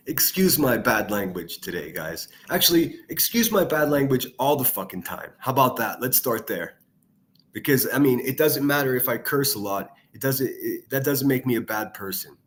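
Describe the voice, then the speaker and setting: A man's voice: mid-range voice, expressive, normal speed. A man ranting angrily over clips he plays, swearing heavily and hurling insults as a commentary youtuber. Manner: angry, profane, shouting insults.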